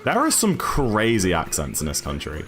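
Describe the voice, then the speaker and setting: A man's voice: lowish voice, huge pitch swings, normal speed, fairly bright tone, soft background music. A man from Newcastle with a mixed northern and southern English accent, chatting casually on a stream in a rambling way. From Newcastle, England. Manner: rambling, chatty, frequent restarts and fillers. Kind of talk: casual chat while gaming.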